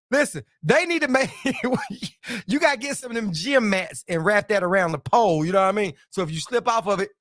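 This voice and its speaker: A man's voice: high-pitched, a bit bright, dry recording, studio quality. A middle-aged man hosting a casual livestream, reading viewer comments aloud and joking, with a playful manner and frequent repeated phrases.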